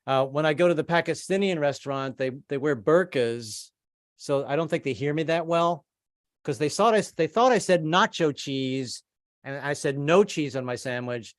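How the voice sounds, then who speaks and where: Brief: male stand-up, slightly high voice, stammers through stories, dry close sound. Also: moderate pace, no echo. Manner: rambling, stammering, trades in put-on voices. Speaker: stand-up comedian. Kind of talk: stand-up set over video call.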